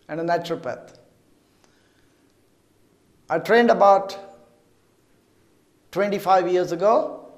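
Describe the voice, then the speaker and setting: A middle-aged man teaching about mantra chanting in a measured, deliberate way. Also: sits high, a little mellow. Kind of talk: slow explanatory teaching.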